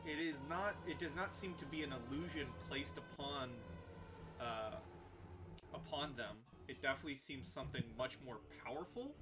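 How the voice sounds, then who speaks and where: A man narrating as game master in a tabletop game, descriptive and measured with frequent fillers. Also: on the high side, music in the background.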